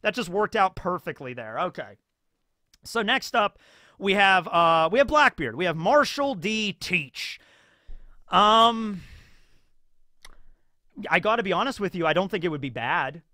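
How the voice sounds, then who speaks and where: A man rambles through casual anime commentary, animated and full of fillers. His voice sits high and sounds bright and forward. The recording is close and dry. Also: measured pace, long pauses, no echo.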